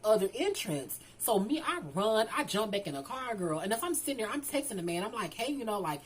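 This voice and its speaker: A woman's voice: mid-range voice, sing-song, fairly quick, slightly rough. A woman telling a casual storytime vlog, sassy and profane, calling her viewers "girl" over and over.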